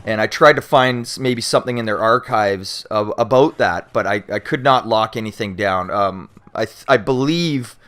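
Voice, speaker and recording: A man's voice: on the low side, moderate pace, hardly any pauses. Casual young Canadian man telling a story. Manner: animated, acts out shouting cops and panicked friends; swears freely, many fillers and restarts. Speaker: YouTuber answering viewer questions.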